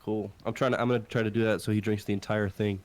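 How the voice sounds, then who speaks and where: Low-voiced, giggly male player. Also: fast, slight background noise. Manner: giggly, lively, often laughing. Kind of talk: casual tabletop game chat.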